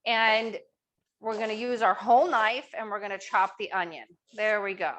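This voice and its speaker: A woman's voice: mid-range voice, fairly even intonation, moderate pace, fairly bright tone, lo-fi sound. A middle-aged woman hosting a live online cooking demo, upbeat and chatty, asking viewers to type answers in the chat. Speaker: cooking class host.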